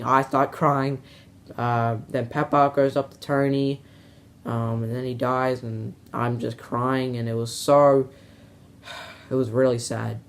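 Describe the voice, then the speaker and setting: A man giving a casual spoken movie review, rambling with many fillers and restarts and sounding emotional. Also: medium pitch.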